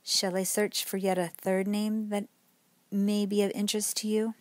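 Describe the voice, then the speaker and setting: A woman voicing an oily, smirking male hotel desk clerk with a smooth, falsely polite manner, in a bedtime story. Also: medium pitch, level tone, normal speed, no room sound, close to an everyday voice.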